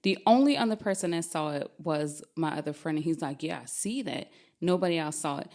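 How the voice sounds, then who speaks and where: A young adult woman telling a true spooky story on a podcast, lively and often laughing as she talks. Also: low voice, fairly quick.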